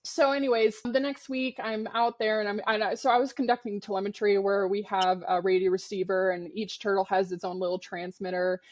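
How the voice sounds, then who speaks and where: A woman co-host recounts her field adventures in a casual, animated way, blunt and unafraid to swear. Her voice sits at a middle pitch. The recording is slightly dull and lo-fi. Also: brisk, few pauses. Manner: animated, frank, swears freely. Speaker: podcast co-host, turtle biologist. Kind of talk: casual storytelling.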